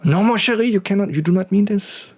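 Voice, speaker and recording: A man's voice: high-pitched, darkish tone, pitched above the performer's own voice. A man voicing a flirtatious, lecherous male doctor with a put-on French accent. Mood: pleading. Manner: smarmy, drawn-out romantic delivery.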